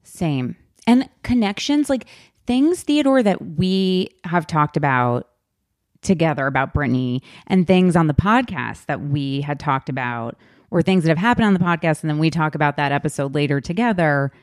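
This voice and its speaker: A woman hosting a podcast in casual, chatty conversation, animated and full of fillers. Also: sits low, moderate pace, no room sound, clean studio sound. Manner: chatty, animated, heavy use of "like". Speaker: podcast host.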